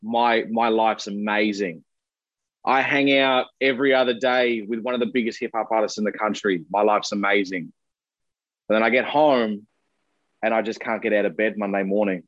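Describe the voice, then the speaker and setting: A man's voice: on the low side, steady tone, moderate pace, a bit bright, no room sound, dull audio. A man, a musician speaking candidly as an interview guest, open and earnest, with casual swearing. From Australia.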